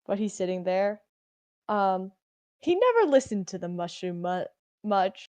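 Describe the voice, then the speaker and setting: A woman's voice: medium pitch, sing-song, measured pace, darkish tone, no room sound. A woman playing a tabletop game who muses about her character in a tentative, casual way. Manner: musing, tentative. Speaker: player.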